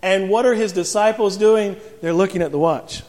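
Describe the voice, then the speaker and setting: A man delivers a sermon, telling stories with humorous asides. His voice sits high for a man and rings out with long reverb. It sounds like a large church sanctuary. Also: moderate pace, a little mellow. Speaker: pastor.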